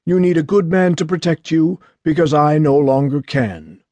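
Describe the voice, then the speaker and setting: A man voicing a sick, bedridden old father who speaks weakly and slowly. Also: on the high side, darkish tone, no echo, voice pushed up, natural voice. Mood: weak, grave. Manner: weak, slow and breathy.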